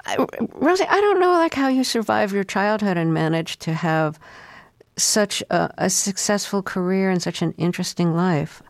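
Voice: medium pitch, animated, normal speed, gravelly, no echo. An interviewer asking curious, sympathetic questions.

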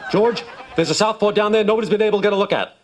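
A man's voice: high voice, racing, background noise, pitched above the performer's own voice, close to an everyday voice. A man voicing a blustery, self-absorbed male baseball team owner who rambles on in a sitcom clip with studio audience laughter.

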